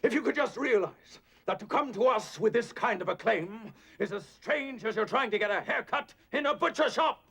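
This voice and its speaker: A flustered, fussy bank manager. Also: male voice, high voice, animated, moderate pace, vocal fry, few pauses, fairly bright tone, breathy edge, heavily acted. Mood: frantic. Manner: fussy, increasingly frantic, over-explaining. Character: flustered, exasperated middle-aged bank manager. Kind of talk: film acting.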